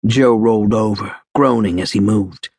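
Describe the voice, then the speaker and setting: A man narrating an audiobook in a measured, even storytelling manner. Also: fairly low pitch, creaky, breathy edge, dry recording, clean studio sound. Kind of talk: scripted narration.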